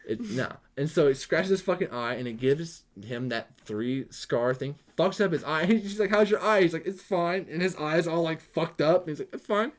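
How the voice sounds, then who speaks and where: A man co-hosting a casual movie review podcast, retelling scenes in an animated way, swearing often and acting out the characters' lines. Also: on the high side, moderate pace, few pauses. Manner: animated, swears a lot, acts out quotes. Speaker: podcast co-host.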